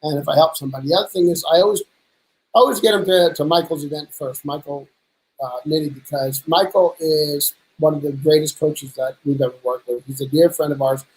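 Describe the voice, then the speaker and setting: A man's voice: on the high side, steady tone, a little fast, darkish tone, poor audio. A man in his fifties hosting a casual show, telling stories in a teasing, self-mocking way. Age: 50s. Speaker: show host. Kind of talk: casual joking chat.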